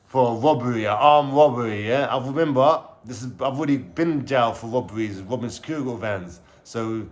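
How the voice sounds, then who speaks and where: A man with a London accent telling a personal story to camera in a casual, animated way, using heavy street slang and frequent swearing. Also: mid-range voice, a little fast, few pauses. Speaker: vlogger telling his life story.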